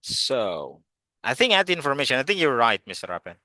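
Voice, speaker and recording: A man leads an online English class and cheerfully quizzes students one by one. His voice is bright and lively, with lots of rise and fall. The sound is close and dry. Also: mid-range voice, a little fast, dry recording. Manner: encouraging, quizzes students by name. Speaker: English teacher.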